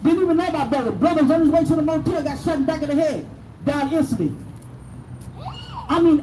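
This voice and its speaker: Angry high-voiced woman addressing a protest. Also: expressive, quick pace, long pauses. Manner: angry, raw, preaching to the crowd. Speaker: bereaved mother speaking at a protest. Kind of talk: impassioned protest speech. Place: outdoors at a protest by city hall. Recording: distant echoey noisy outdoor recording.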